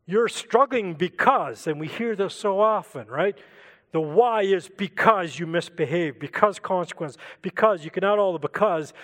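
A man preaching a sermon in a reflective way, asking rhetorical questions and slowing down for emphasis. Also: sits high, fairly bright tone, big-room sound.

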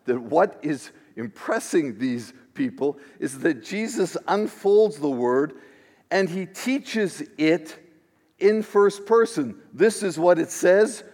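A man, a pastor, preaching a sermon in an expressive style that swings between hushed asides and emphatic declarations. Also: a little high, slow pace. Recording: long reverb of a large hall.

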